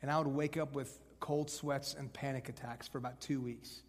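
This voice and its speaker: A man preaching an evangelistic sermon to college students, conversational and shifting from hushed to loud and emphatic. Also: medium pitch, fairly even intonation, normal speed. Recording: long hall reverb.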